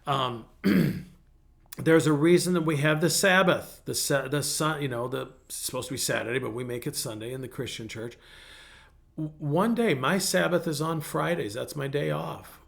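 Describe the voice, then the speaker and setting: Middle-aged male pastor, slightly raised pitch with fry, casual storytelling sermon delivery. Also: moderate pace, a bit bright. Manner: folksy, personal storytelling with frequent restarts. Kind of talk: conversational sermon.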